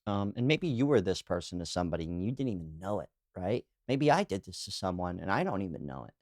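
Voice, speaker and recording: A man's voice: sits low, very animated, quick pace, a little mellow, no room sound, clean studio sound. A man hosting a podcast, talking through read-out comments in a loose, candid, rambling way, full of "you know" and "like". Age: adult, calls himself too old. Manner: laughs while telling anecdotes. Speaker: podcast host. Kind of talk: casual solo monologue, reacting to read-out comments.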